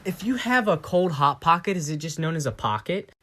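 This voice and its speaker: A man's voice: fairly high pitch, animated, fairly quick, fairly bright tone. A man voicing Marvin, a young man who earnestly asks odd, puzzled questions. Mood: curious.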